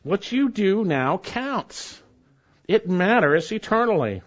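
A man preaching an expository sermon in an earnest, emphatic way, letting phrase endings fall soft and low. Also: very animated, slow. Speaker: pastor. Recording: dull lo-fi recording.

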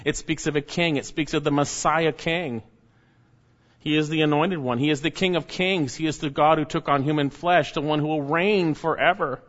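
A man's voice: fairly high pitch, steady tone. Man preaching in a reverberant hall. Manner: slow, emphatic preaching that drops quiet at phrase ends. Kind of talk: sermon. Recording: dull lo-fi recording with long hall reverb.

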